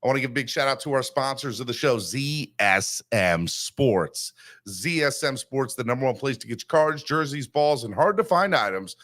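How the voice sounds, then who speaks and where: A man's voice: mid-range voice, animated, normal speed, a bit bright. Hyped-up male sports podcast host. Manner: upbeat, hyped-up, promotional. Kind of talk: sports podcast morning show chat. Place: new room at home, still bare.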